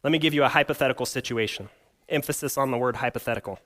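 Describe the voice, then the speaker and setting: A young man preaching a sermon at a middle pitch. He reads scripture, asks the listeners rhetorical questions, and drifts into a humorous personal anecdote told in an easy storytelling way. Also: very fast, fairly bright tone. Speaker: pastor.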